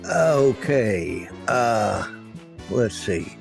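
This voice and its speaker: A man co-hosting a live stream, reading out quiz questions slowly with chuckles over a video call. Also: fairly low pitch, sing-song, creaky, over music. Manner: slow, drawn-out quiz asking, chuckling. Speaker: co-host running a quiz. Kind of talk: casual chat on a live stream.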